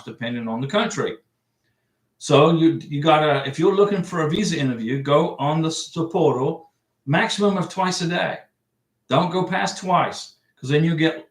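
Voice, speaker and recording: A middle-aged man from the United States hosting a casual livestream, answering viewer comments in a chatty, rambling way with frequent restarts. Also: a little high. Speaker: livestream host giving visa advice. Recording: echoey room, distant mic.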